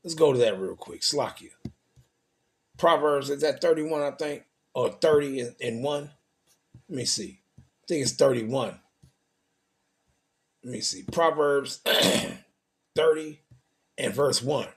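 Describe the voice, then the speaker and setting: A man preaching from scripture in a crude, profane way, firing rhetorical questions and rising into loud, high bursts. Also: slow, long pauses, husky.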